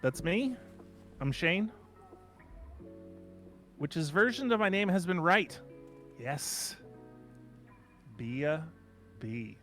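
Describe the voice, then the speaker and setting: A man's voice: fairly high pitch, drawn-out words, long pauses, soft background music. A man co-hosting a podcast, chatting casually and joking while sharing trivia. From Canada. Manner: chatty, jokey, lively. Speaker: podcast co-host.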